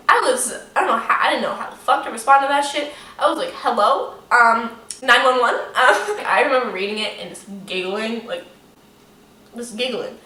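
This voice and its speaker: A young woman telling a story to camera in a casual, animated way, swearing freely and saying "like" a lot. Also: high voice. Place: room in front of a window. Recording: echoey room, mic a bit distant.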